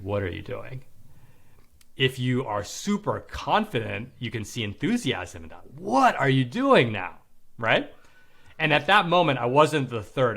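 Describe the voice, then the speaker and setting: A man's voice: medium pitch, fairly bright tone. A man in his forties, a podcast guest, telling a candid personal story in casual conversation, swearing now and then and acting out the people he quotes.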